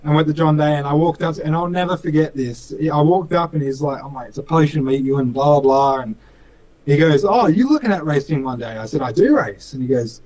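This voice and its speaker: A man's voice: a little high, fairly quick, darkish tone, poor audio. A young Australian man, a speedcar driver, chatting in an interview with many fillers and restarts, acting out little dialogues. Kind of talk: casual interview chat.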